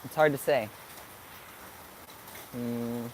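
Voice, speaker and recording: A man's voice: medium pitch, fairly even intonation, very slow, darkish tone, slight background noise. A young man in his late teens answering viewer questions on a live stream, upbeat and thinking aloud as he searches for words. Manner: upbeat, sometimes hyper. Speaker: vlogger.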